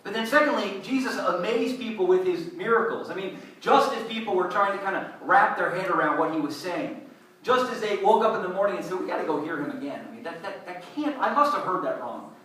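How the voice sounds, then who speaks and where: A man delivers a conversational sermon in a high, bright voice, slipping into the voices of puzzled listeners. He is picked up from a distance in a large, very echoey hall. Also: lively intonation, a little fast. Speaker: pastor.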